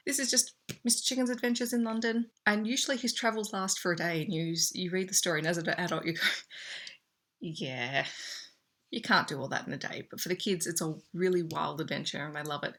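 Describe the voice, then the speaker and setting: A woman's voice: fairly low pitch, a bit bright. A young Australian woman and teacher talking through a book haul in a chatty, enthusiastic way. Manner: chatty, enthusiastic, shows pages to camera. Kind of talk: casual book haul chat.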